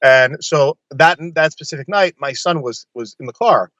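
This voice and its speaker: A man's voice: a little high, moderate pace, a bit bright, no echo, dull audio. A man casually telling a long personal story on a podcast, blunt and swearing freely.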